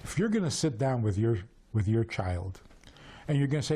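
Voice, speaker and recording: A man teaching Torah through storytelling, animated and full of rhetorical questions. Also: medium pitch, moderate pace. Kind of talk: storytelling lesson.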